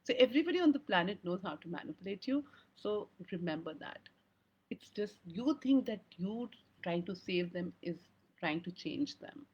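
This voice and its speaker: A woman's voice: on the low side, animated, normal speed, a little mellow, slightly rough. A woman hosting a live-stream talk on emotional wellbeing, earnest and rambling, often breaking into laughter. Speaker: host. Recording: dull lo-fi sound.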